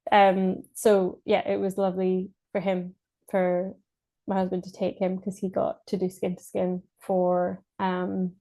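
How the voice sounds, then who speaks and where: A Scottish woman recounts her story as a podcast guest in relaxed, unscripted speech. She hesitates a lot and restarts her sentences, with laughs slipping in. Her pitch stays fairly level and even throughout. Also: a little slow. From Scotland. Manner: hesitant, many fillers and restarts, laughs often. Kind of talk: casual spoken birth story.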